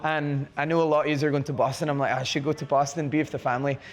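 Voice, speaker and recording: A Scottish man chats as a podcast guest, his voice slightly high. He tells stories with energy, acting out the voices of the people in them. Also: racing. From Crieff, Scotland. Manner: animated storyteller, acts out quoted dialogue. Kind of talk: casual conversation. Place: bar, live recording.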